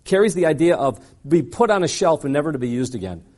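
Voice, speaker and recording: Animated preacher man telling a story. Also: quick pace. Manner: animated, dramatic storyteller who acts out dialogue; swings between loud punchy lines and quiet low asides. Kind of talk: sermon storytelling.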